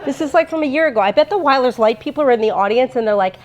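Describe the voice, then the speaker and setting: A woman's voice: sits high, lively intonation, quick pace, few pauses. A woman presenting a sponsored cooking demo in a home kitchen, talking in a chatty, bubbly way with lots of fillers. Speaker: brand presenter.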